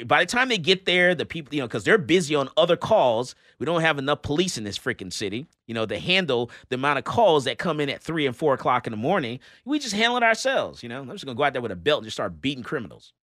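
A male talk radio host, lecturing and joking in an animated, emphatic way. His voice jumps around wildly in pitch and stays bright and forceful. The studio sound is dry and close. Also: no echo. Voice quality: animated, emphatic, laughs often. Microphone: studio microphone.

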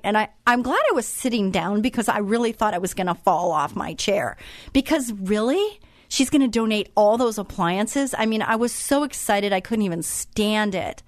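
A woman's voice: medium pitch, lively intonation, normal speed, dry recording, clean studio sound. Chatty middle-aged woman hosting a show. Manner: chatty and enthusiastic, with frequent restarts. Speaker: radio show host. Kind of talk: faith-based storytelling monologue.

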